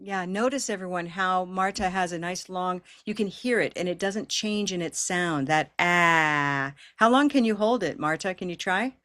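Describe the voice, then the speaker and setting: Woman, pronunciation teacher on a video call; patient, encouraging, lowish pitch, dry sound. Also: moderate pace, few pauses, a bit bright, no room sound. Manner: patient, encouraging, models long held vowels. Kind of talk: online class teaching.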